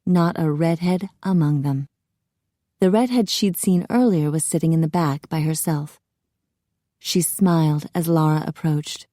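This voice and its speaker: A woman narrating a romance audiobook in a measured storytelling manner, on a close studio mic. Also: deep voice, warm tone, dry recording. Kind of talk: scripted narration.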